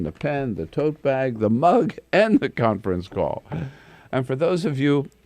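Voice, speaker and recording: A man hosting a talk radio show, chatting loosely with fillers as he makes a pledge pitch and takes calls. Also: darkish tone, dry recording.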